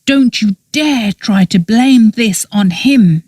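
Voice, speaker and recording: A woman's voice: on the high side, animated, takes it slowly, darkish tone, breathy edge, no echo, clean studio sound, voice pushed up, heavily acted. A woman reading an audiobook, voicing a young man who speaks in a clipped, angry way through gritted teeth. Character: angry young man defending his father, tense. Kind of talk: audiobook character voice.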